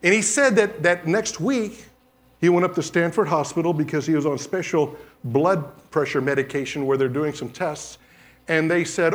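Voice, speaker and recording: Animated high-voiced preacher man. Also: moderate pace. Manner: animated storytelling, acts out quoted dialogue. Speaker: pastor. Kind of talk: sermon testimony.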